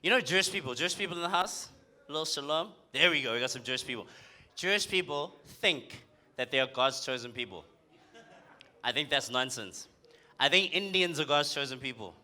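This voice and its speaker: Young south african guy doing stand-up, fairly high bright voice, teases the crowd, punchy delivery. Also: fairly quick. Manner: punchy, animated, teasing the crowd. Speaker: stand-up comedian. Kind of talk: stand-up comedy set. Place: comedy club stage.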